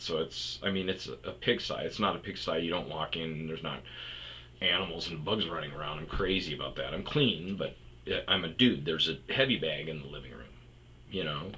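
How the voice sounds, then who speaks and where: A young man tells a personal story in a loose, rambling way, blunt and full of profanity, often restarting his sentences. His voice sits low but has a sharp, bright edge that cuts through. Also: brisk. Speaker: storyteller host. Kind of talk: casual comedic storytelling monologue.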